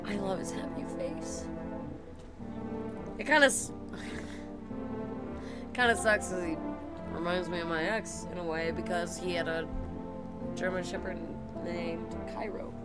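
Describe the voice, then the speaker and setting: A young woman chatting casually with viewers, blunt and swearing, laughing often, cooing softly at her dogs. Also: on the low side, fairly even intonation, unhurried, pauses often, over loud music. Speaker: streamer.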